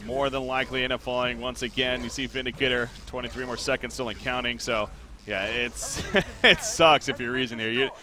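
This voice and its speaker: A young man casting a live esports match, calling play-by-play in quick, easy, chatty commentary. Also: mid-range voice, background noise. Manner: quick play-by-play that builds to excited calls during fights.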